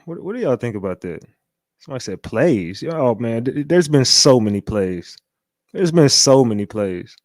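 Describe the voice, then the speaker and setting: A man hosting a casual livestream, talking loosely, repeating catchphrases and shouting out viewers. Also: medium pitch, big pitch swings, normal speed, no room sound. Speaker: livestream host.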